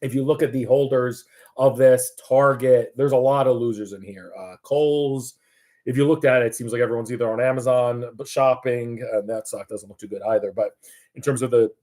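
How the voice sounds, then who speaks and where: A man's voice: medium pitch, fairly even intonation, fairly quick, dark tone. A man hosting a market show. He talks over charts in a loose, rambling, jokey way and corrects himself as he goes. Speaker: market analyst host.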